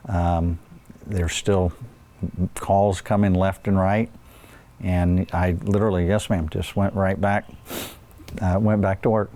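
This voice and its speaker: A man with a lowish, warm, darker voice speaks in an interview as a fire battalion chief. He talks haltingly, with pauses and small fillers between thoughts.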